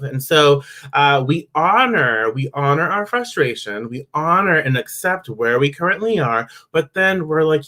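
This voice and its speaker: A chatty man hosting a live oracle card reading talks loosely and conversationally. He breaks off to greet viewers by name and slips into little grumbling voices to make his point. His speech is middle in pitch. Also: fairly bright tone. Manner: acts out grumbling inner voices. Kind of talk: casual live-stream spiritual talk.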